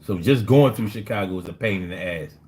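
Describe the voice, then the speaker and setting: A man's voice: on the low side, fairly quick, darkish tone, a little hiss or hum. A man hosting a casual live stream, reading chat and joking in a loose, slangy way with frequent laughs.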